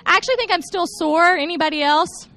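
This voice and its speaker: A woman's voice: very high voice, fast talker. A woman in her thirties speaking to a church congregation from the stage, joking through funny stories before turning earnest. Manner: lively joking storyteller, turns earnest. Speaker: church children's ministry speaker. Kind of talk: humorous recap talk to a congregation.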